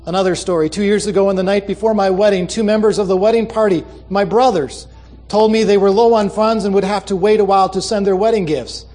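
A man's voice: high-pitched, fairly even intonation, fast, warm tone. A man preaching a sermon, reading letters aloud and commenting on them, repeating a key phrase for the congregation. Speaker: pastor.

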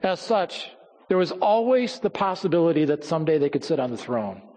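A man's voice: a little high, sing-song, brisk. Man preaching in a reverberant hall. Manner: preaching with stories and scripture, dropping to soft emphasis. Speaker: pastor. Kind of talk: sermon.

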